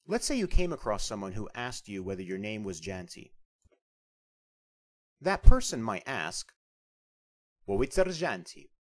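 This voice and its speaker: A man's voice: lowish voice, sing-song, measured pace, long pauses. A man teaching a beginners' language lesson, asking questions and then repeating each answer twice, patiently.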